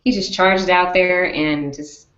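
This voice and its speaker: A woman's voice: fairly low pitch, takes it slowly. Giggly woman in an echoey room. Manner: giggly, animated. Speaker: podcast host. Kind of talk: casual chat. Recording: echoey dull room sound.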